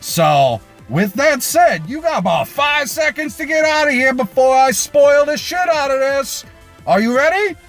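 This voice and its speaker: A man hosting a reaction video, recapping an episode casually with swearing and lively pitch swings. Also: measured pace, soft background music. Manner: animated, swings pitch for emphasis.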